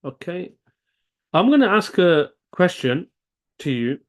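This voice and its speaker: A man's voice: high-pitched, very animated, takes it slowly. A man teaching an Arabic grammar class, thinking aloud and checking in with "okay?" often. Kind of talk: online language lesson.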